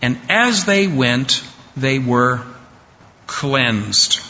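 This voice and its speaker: A man delivers a sermon at an unhurried, deliberate pace, letting pauses land. His voice is bright and a little high. The sound is muffled and dull, with a long reverb trailing off through a large hall. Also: lively intonation. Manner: slow, deliberate preaching with dramatic pauses. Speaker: preacher.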